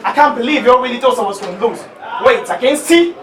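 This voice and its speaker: Battle rapper, man, very high voice, roomy and off-mic, boastful, repeats bars. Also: animated, quick pace. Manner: boastful, repeats lines for the crowd. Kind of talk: live battle rap verses. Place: live event venue. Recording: roomy, far from mic, loud crowd.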